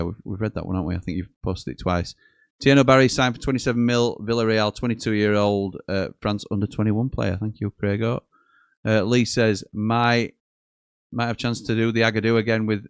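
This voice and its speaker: A man hosts a live football watchalong in a relaxed, joking way, reading out viewers' messages as he goes. His voice sits a little low. The sound is dry and close, with no room echo. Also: clear, resonant tone. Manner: chatty, jokey, reads out messages and chuckles often. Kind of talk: live casual commentary reading viewer chat.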